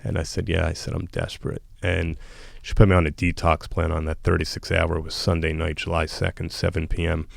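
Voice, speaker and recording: In a studio-quality recording with no room sound, a deep-voiced man speaks briskly in a gravelly monotone. Interviewed on a podcast, he tells a raw personal story bluntly and emotionally, restarting sentences and quoting dialogue.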